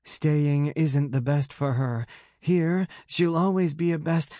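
A man voicing a worried wolf-shifter mother in an audiobook, gentle and earnest. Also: a little high, slow pace, no room sound, studio quality, pitched above the performer's own voice.

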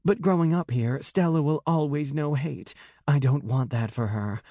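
A man voicing a worried wolf-shifter mother in an audiobook, gentle and earnest. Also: a little high, normal speed, dry recording, studio quality, voice pushed up.

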